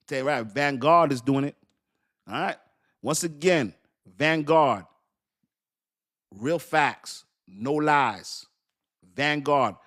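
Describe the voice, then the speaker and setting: A man giving animated, casual crypto commentary, laughing often and preaching with slang. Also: fairly high pitch, gravelly. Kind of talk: casual talk to camera.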